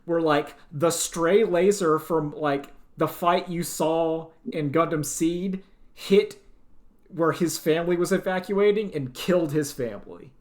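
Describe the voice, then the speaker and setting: A man's voice: a little high, unhurried. A man co-hosting a podcast, ranting in casual chat and laughing as he mocks a show. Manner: ranting, animated, laughs while mocking a show. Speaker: podcast co-host.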